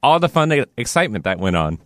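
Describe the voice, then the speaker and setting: A man in a casual chat who explains things in a steady, detailed way. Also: mid-range voice, fast talker, no room sound, studio quality. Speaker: guest.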